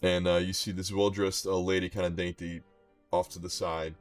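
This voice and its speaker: A man with a low, deep voice running a tabletop game as game master. His narration is loose and casual, full of restarts and fillers, with faint music underneath. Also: little pitch movement, moderate pace.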